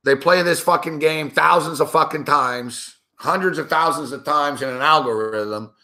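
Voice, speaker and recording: A man with a high, bright voice rants while he watches a game live, swearing and yelling at the players. He hosts a sports betting show and talks with angry, profane bursts and a sarcastic, lecturing edge. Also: moderate pace. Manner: sarcastic, lecturing rant at viewers.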